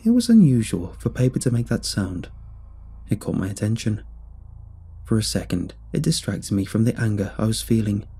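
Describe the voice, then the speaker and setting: A man giving steady, measured first-person narration of a scripted horror story. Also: lowish voice, gravelly, husky, soft background music.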